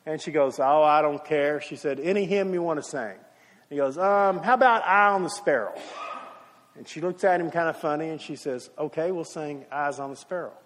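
A man's voice: a little high, brisk, fairly bright tone. A male pastor preaching a sermon, telling a story and acting out the quotes. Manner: storytelling with acted quotes and brief singing. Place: church sanctuary. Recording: long hall reverb from a church.

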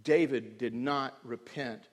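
A male pastor preaching a sermon in earnest, dropping to quiet tones and then rising loud, often putting questions to the congregation. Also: medium pitch, slow pace. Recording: long hall reverb.

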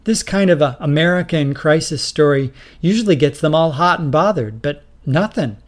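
In this spoken story, a man plays a calm aide who answers in an even, thoughtful way. His replies are dry and unhurried. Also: on the high side, close to an everyday voice. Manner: even, pensive.

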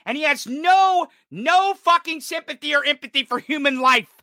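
A male podcast host delivering an angry, profane political rant, often shouting. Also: extremely high pitch, moderate pace, vocal fry, dry recording, clean studio sound.

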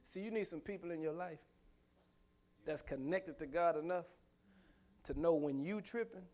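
A male preacher with a notably high voice delivers an emphatic sermon. He builds momentum by repeating rhetorical questions, and he breaks it up with humorous asides and laughs. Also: moderate pace, darkish tone.

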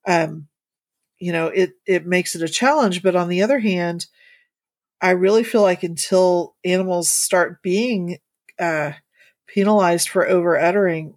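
A woman co-hosting a casual podcast chat, talking in a thoughtful, measured way with some hedging. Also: on the low side, no echo. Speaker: podcast co-host.

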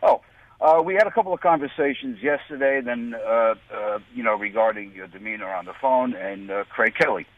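A man's voice: mid-range voice, brisk. An American man calling in to a radio show, indignant and persistent, with a sarcastic edge. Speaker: caller. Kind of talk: call-in radio argument. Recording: dry tinny phone line.

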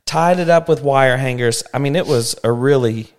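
A man's voice: medium pitch, moderate pace, clear, resonant tone. A man hosting a casual family podcast, telling travel stories in a chatty way and ending with an upbeat sign-off.

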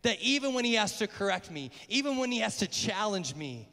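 A man's voice: high-pitched, very animated, fairly quick, sharp tone. A man preaching on parenting from a church platform in a reassuring pastoral tone. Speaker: speaker at church. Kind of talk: sermon. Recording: long reverb of a church hall.

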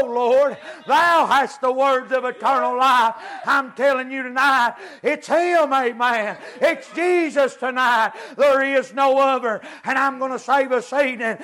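A man preaching an impassioned revival sermon, chanting repeated phrases and shouting out to the congregation. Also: very high voice, a little slow, few pauses.

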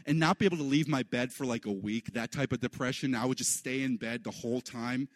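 A man preaching a sermon in an animated way, his voice leaping up high for the lines he quotes. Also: brisk, dry recording. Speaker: pastor.

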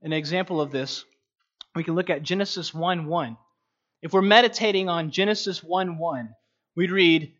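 Earnest high-voiced man teaching scripture. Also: a bit bright. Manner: earnest, unhurried, with frequent restarts. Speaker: Bible teacher. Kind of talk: teaching monologue on scripture meditation. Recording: dull lo-fi recording.

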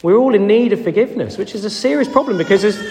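Animated vicar preaching in an echoing church. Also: male voice, high voice, quick pace, gravelly. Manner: animated, acts out the voices of people in the story. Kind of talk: sermon. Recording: long echoey church reverb.

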